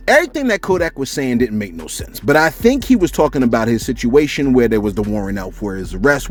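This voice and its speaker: Animated man doing casual vlog commentary. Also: mid-range voice, husky. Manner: animated, rhetorical, keeps saying "you know what I'm saying". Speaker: celebrity news commentator. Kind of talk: casual vlog commentary and viewer shout-outs.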